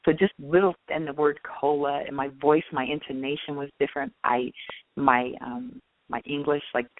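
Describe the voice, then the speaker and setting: A woman guest telling her own story in an interview, chatty and animated, full of "like" and "you know". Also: low voice, normal speed, no room sound. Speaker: guest, past-life regression client. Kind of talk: personal storytelling in a phone interview. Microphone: telephone. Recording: tinny phone line.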